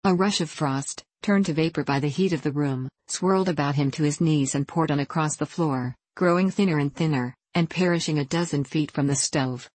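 Low-voiced woman reading an old novel. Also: normal speed, few pauses, darkish tone, slightly rough, dry recording. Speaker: audiobook narrator. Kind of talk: scripted narration.

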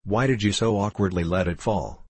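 A man's voice: deep voice, moderate pace, slightly rough, dry recording. A man reading the part of a mild, coldly polite young musketeer in an audiobook. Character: mild, cool-tempered young male musketeer.

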